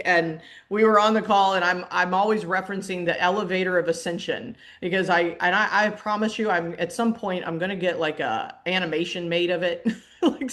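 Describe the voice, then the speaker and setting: Middle aged lady coach rambling on, lively, keeps restarting, laughs a lot. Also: on the low side. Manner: animated, self-interrupting, laughs often. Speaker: mindset coach. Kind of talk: casual teaching monologue.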